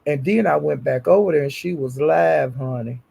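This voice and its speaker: A man telling a gossipy story in a casual, animated way. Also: a little high, normal speed, gravelly, husky.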